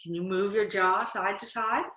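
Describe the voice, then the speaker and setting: A woman's voice: medium pitch, steady tone, normal speed, sharp tone, reverberant. A woman teaching yoga to children over a video call, playfully coaching them through a picture-book story. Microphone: video call mic.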